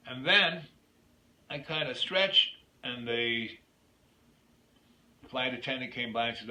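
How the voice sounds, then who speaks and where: A man's voice: mid-range voice, unhurried, pushed and bright. A man hosting his own video, telling a rambling personal story that drifts off into opinions. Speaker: YouTube host. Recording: echoey room with faint noise.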